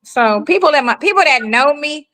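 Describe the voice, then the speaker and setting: A high-sitting female voice at normal speed, recorded roughly, belongs to a middle-aged mother from the United States. Chatting casually, she spins lively stories and performs the voices of everyone she quotes.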